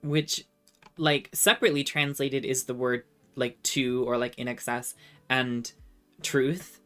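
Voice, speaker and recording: A woman's voice: rumbling low, fairly even intonation, unhurried, fairly bright tone, faint music behind. A woman streamer in casual chat, reading viewer comments aloud, laughing often and trying out rusty French.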